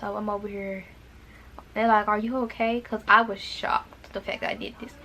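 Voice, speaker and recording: A woman's voice: mid-range voice, flat delivery, normal speed, pushed and bright, slight background noise. A young woman from Arkansas, telling a dramatic storytime to her viewers in casual chat, with repeated words and asides. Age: young adult. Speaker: vlogger.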